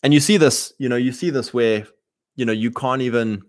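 A man's voice: medium pitch, fairly quick, no echo, studio quality. Punchy man acting out voices. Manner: animated, acts out quoted voices, punchy. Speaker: host. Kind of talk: casual monologue to listeners.

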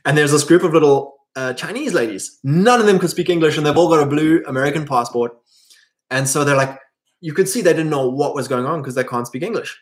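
A man's voice: a little high, a little fast. A man from South Africa with a South African accent, talking in a casual, rambling monologue full of fillers and restarts.

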